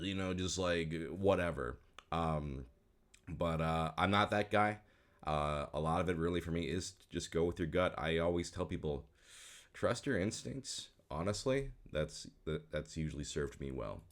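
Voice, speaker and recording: A man's voice: sits low, moderate pace, a bit bright. A man who works as a voice actor, reacting casually to an old video of himself. He rambles frankly with lots of fillers, restarts and dry, self-mocking remarks. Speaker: voice actor and host.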